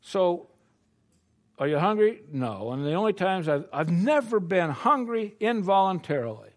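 A man's voice: high voice, sing-song, a little slow. An older American man preaching a sermon in a folksy, conversational way, full of rhetorical questions. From United States.

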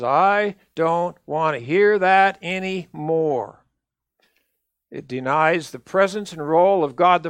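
An older man, a minister, delivering a sermon in an earnest, measured and emphatic way. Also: on the high side, fairly bright tone, no echo, studio quality.

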